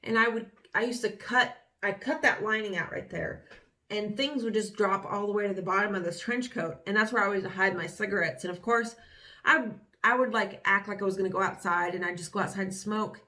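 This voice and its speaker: A woman's voice: mid-range voice, a little fast, sharp tone. A young woman vlogging casually, reading aloud from her old journals with candid, wry remarks and lots of fillers.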